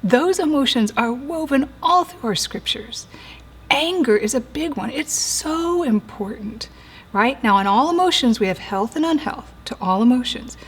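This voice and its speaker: A woman in her forties or older, a therapist giving an earnest teaching talk, slowing down and dropping to a soft whisper for emphasis. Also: sits high, animated, breathy edge. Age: 40s or older.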